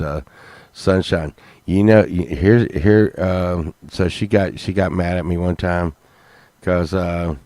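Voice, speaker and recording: A man telling rambling comic stories in a halting way, full of fillers and restarts. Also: sits low, a little mellow, no echo. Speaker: comedy podcast host.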